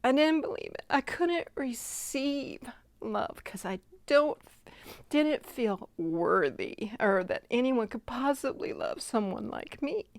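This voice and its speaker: A woman giving a heartfelt personal faith testimony, speaking earnestly and gently, sometimes dropping to a soft half-whisper. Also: fairly high pitch, lively intonation, slow. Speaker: Christian devotional speaker.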